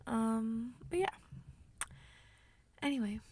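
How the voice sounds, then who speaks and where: A young woman vlogger rambling through an emotional personal monologue, soft and tearful, with many fillers. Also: a little high, fairly even intonation, normal speed, gravelly.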